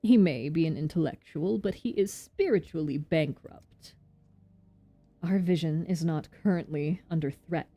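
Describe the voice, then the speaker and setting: Cold, lecturing male leader, pitched low, a woman putting it on. Soft game music under the voice. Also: a little slow. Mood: stern. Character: gruff male doctor-leader, stern and cold.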